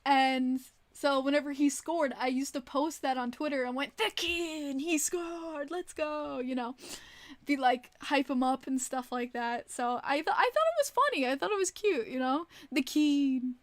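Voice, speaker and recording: A woman's voice: sits high, moderate pace, no echo. A young woman casually telling rambling stories on a livestream, giggling often between her words. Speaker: streamer.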